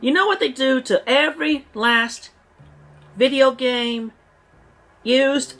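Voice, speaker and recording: A woman's voice: high voice, takes it slowly, a bit bright, soft background music. A woman in an archived clip ranting in a put-on, theatrical British-sounding accent, pompous and indignant. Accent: imitated British. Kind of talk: archived online video rant.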